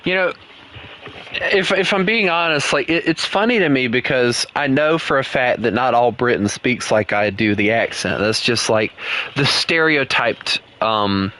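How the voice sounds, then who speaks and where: A man's voice: medium pitch, measured pace, bright, forceful tone. Rambling gamer guy. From United States. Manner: rambling, full of "like" and restarts. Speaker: gaming streamer. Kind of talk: casual gaming chat.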